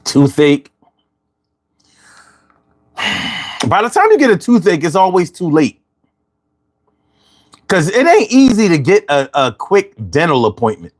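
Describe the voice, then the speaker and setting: A man hosting a casual podcast stream, reading chat comments aloud and riffing in a profane, animated way. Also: sits high, slow, pauses often. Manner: profane, animated, riffs into rhymes.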